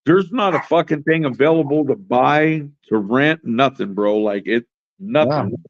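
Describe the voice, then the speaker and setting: A man's voice: medium pitch, unhurried, no echo, highs cut off. A man telling a profane, boastful story in casual chat, often laughing and acting out both sides of an argument. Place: home, in Oregon.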